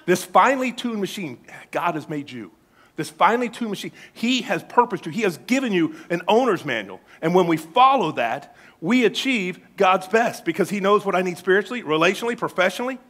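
A man's voice: sits high, lively intonation, a little fast, a bit bright. A man, preaching a sermon to a congregation. He asks them questions and jokes with them as he goes. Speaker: pastor. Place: church sanctuary.

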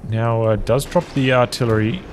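Game caster, male, calm analytical play-by-play, battle sounds clearly under the voice. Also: medium pitch, normal speed, slight background noise. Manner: calm, analytical, even-paced. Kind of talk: strategy game play-by-play commentary. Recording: commentary over loud game sound. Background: gunfire, artillery and vehicles.

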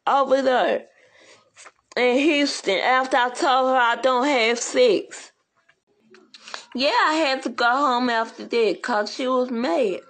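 A woman's voice: high-pitched, fairly bright tone. A woman ranting bluntly and profanely in a casual livestream, rambling from one complaint to the next.

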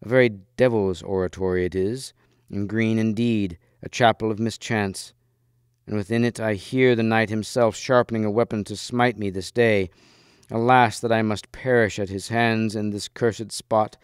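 A man's voice: on the low side, fairly even intonation, normal speed, clean tone, no room sound, studio quality, close to an everyday voice. A man reading aloud and voicing a brave young knight who speaks in an earnest, resolute way. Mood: grave.

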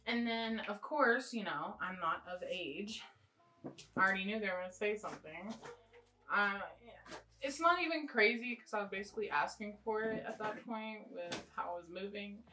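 A woman's voice: mid-range voice, normal speed, crowd noise, rough recording. A young adult woman chatting casually while doing her makeup, rambling and blunt with plenty of swearing. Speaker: beauty vlogger. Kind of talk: casual get-ready-with-me chat.

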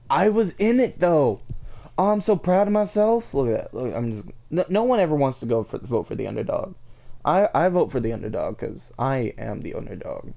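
A tired man giving profane, excitable gameplay commentary on his own desk mic, trash-talking as he plays, his voice cracking when he gets worked up. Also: fairly high pitch, moderate pace, gravelly, dull audio. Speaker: gaming channel host.

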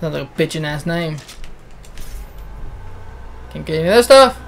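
A man's voice: fairly high pitch, expressive, normal speed, gravelly. A man playing a game with a friend, making laid-back jokes and swearing at the game. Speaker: co-player. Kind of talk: casual let's play commentary.

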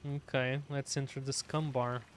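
A man's voice: medium pitch, level tone, normal speed, a little hiss or hum. A man co-streaming a game with easygoing, casual commentary, game music behind. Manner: easygoing, laughing.

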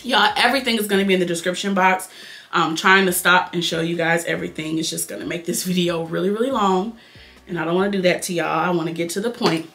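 Young nasal Detroit woman, bright voice, quick chatty beauty-vlog delivery, calls viewers y'all. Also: fairly low pitch, fairly even intonation, faint music behind. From Detroit, Michigan. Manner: fast-talking, chatty, addresses viewers as y'all. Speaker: beauty vlogger. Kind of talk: casual chat while doing makeup.

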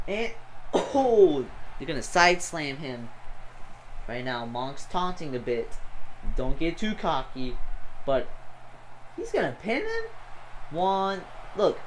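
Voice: mid-range voice, slight background noise, low-quality recording. A gamer calling a wrestling video game match play by play, exclaiming often and talking to the wrestlers on screen. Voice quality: excitable, full of gasps and "oh"s.

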